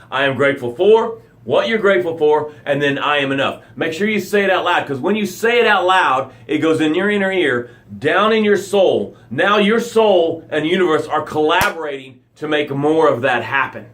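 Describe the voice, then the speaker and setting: A man hosting a motivational live broadcast, speaking directly to his listeners in short punchy phrases and swinging from loud emphasis to hushed low lines. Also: lively intonation, normal speed, hardly any pauses. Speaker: motivational coach and show host.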